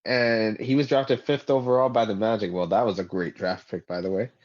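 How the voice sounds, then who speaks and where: A man's voice: fairly low pitch, steady tone, brisk, darkish tone. A man co-hosting a sports podcast in casual chat, rattling off player stats with a dry, sarcastic edge. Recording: dull lo-fi podcast audio.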